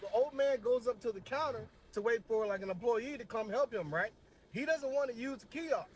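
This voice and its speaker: High-pitched man telling a comic story. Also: brisk. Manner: animated, acts out voices in his story. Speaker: storyteller in a TikTok clip.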